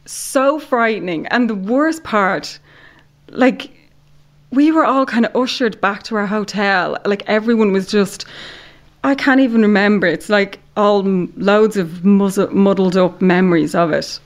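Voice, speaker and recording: An Irish woman from Ireland, a podcast guest telling a story in casual chat, animated and full of "like". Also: medium pitch, measured pace. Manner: animated storyteller, heavy use of "like".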